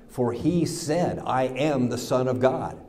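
A pastor with an American accent preaches slowly, reading scripture aloud and imitating the sneering taunts of the mockers. For Jesus' words he drops low and soft, and a slight background noise is present.

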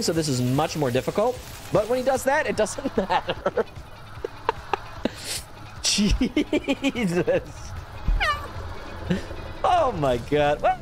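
An excitable man calling out his gameplay live, his voice leaping from shrieking highs to low grumbles with extreme swings in pitch. He teases himself in playful chatter, and faint game music plays underneath. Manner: hyper and excitable, jumping from squeals to low mutters; playful self-teasing chatter. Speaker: gaming channel host. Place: at home with a cat on his lap.

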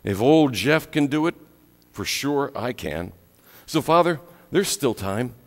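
Middle aged guy preaching in church, lively, shouts a bit, mid pitch, long echo. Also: slow pace. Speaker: pastor. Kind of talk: sermon. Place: church sanctuary. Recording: church hall reverb.

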